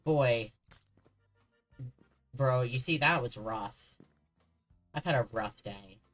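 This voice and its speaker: A man's voice: mid-range voice, slow, a bit bright, faint music behind, rough recording. A man streaming a horror game, chatting casually and joking with the characters on screen. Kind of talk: casual gameplay commentary.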